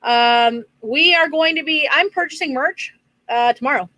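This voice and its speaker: A woman co-hosting a casual live-streamed podcast, briskly giving schedules and plugs. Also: high-pitched, pushed and bright, dry recording, poor audio. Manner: brisk, gives announcements and plugs. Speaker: podcast co-host.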